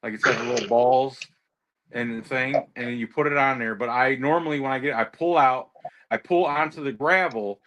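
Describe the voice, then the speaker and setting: A man's voice: mid-range voice, moderate pace, fairly bright tone. A man who drives trucks, chatting casually and telling stories while swearing heavily. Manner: heavy swearing, ranting storyteller. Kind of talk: casual chat.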